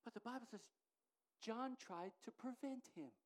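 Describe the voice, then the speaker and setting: A middle-aged woman preaching a sermon in an animated, emphatic way that builds to loud declarations. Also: on the high side, moderate pace.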